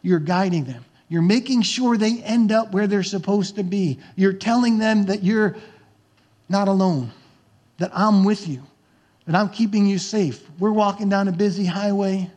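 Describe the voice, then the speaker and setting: Male pastor, high tenor voice, conversational sermon delivery that breaks into acted-out quotes. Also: normal speed. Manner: conversational preaching, acts out yelling parents and coaches.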